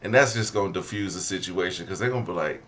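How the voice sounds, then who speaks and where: A man's voice: sits low, fast talker, fairly bright tone. A man hosting a reaction video, teasing his viewers in playful joking commentary. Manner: playful, teasing, chuckling at the chat. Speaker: host reacting to a clip.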